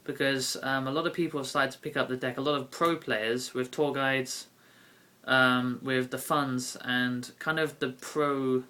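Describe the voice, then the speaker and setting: This card game YouTuber is a young man from Britain whose mid-range voice sounds pushed and bright. He chats casually to camera in a meandering way, full of ums, restarts, and fillers.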